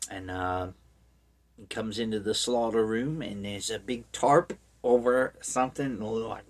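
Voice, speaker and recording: A horror book reviewer giving a rambling, deadpan, casual recap of a book, with many asides. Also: mid-range voice, slow pace.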